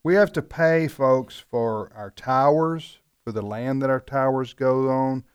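A man's voice: medium pitch, measured pace, clean tone, highs cut off. Chatty radio host man. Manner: relaxed, chatty, frequent fillers and restarts. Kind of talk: casual radio fundraiser chat.

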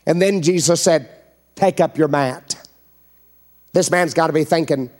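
A man preaches a fervent sermon in a church, calling out to the crowd for responses. His voice sits a little higher than usual for a man. He acts out the scripture scenes as he goes. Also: normal speed. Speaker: evangelist preacher. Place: church before a congregation.

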